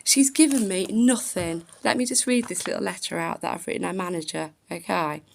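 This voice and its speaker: A woman's voice: on the low side, fairly quick, creaky, a little hiss or hum. A woman telling an angry story about a social worker, swearing freely and reading a complaint letter aloud. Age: adult parent. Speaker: vlogger. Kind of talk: casual storytelling rant.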